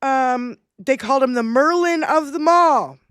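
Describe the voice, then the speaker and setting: A woman co-hosts a loose livestream chat in a high voice. She rambles and swears freely. Her voice sits close and dry. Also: measured pace, fairly bright tone, no echo. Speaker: podcast co-host.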